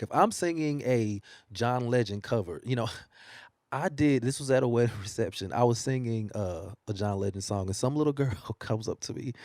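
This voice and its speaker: Sitting for a relaxed interview in a newspaper studio, this American singer recounts stories from his working career with animation and plenty of laughs. The man's medium-pitched voice comes through clean, with studio sound and no room tone.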